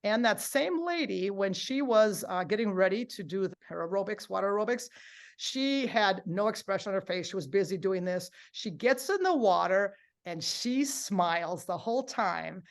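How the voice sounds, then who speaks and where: A middle-aged woman presenting a live workshop, upbeat and coaxing her audience to join in, acting out quotes with lively voices. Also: mid-range voice, normal speed.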